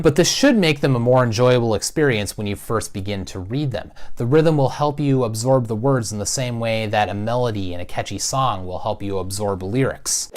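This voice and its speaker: Male teacher, mid-range voice, clear and patient explainer. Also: medium pitch, normal speed, hardly any pauses, a little mellow. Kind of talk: recorded classroom lesson.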